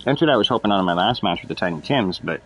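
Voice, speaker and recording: A man's voice: deep voice, lively intonation, racing, slight background noise, poor audio. A man giving rambling, profane commentary while playing a flight game. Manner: rambling, profane, explains as he plays. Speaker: gameplay streamer. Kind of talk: casual gameplay commentary.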